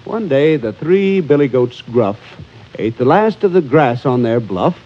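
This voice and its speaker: A man's voice: fairly high pitch, dull audio. A man telling a children's fairy tale aloud, with rhythmic, sing-song refrains. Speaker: storyteller. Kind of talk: children's storytelling.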